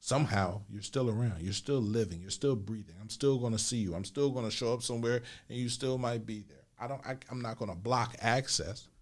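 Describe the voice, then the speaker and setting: A man's voice: mid-range voice, a little fast, few pauses. A man in his forties co-hosting a candid podcast conversation, talking in a loose, slangy way and often repeating himself as he thinks aloud. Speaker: podcast co-host.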